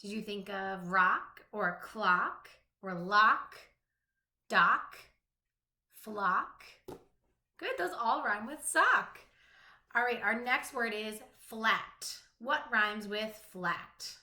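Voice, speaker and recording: A woman teaching a phonics lesson to young children, slowly sounding out rhymes, letters and words. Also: mid-range voice, pushed and bright. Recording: echoey room.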